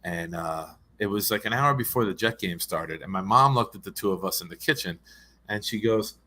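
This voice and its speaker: Man, low-pitched but forceful tone; relaxed, joking co-host for a sports chat. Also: brisk, a little hiss or hum. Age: adult with a young son. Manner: laid-back storyteller, jokey. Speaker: guest co-host. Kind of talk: casual sports talk.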